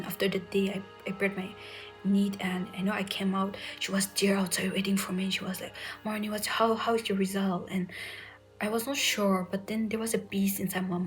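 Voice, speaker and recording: A young woman telling an emotional personal story, softly and often near a whisper, tearful at times, with many fillers. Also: medium pitch, rough recording. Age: young adult. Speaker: medical entrance exam aspirant sharing her story.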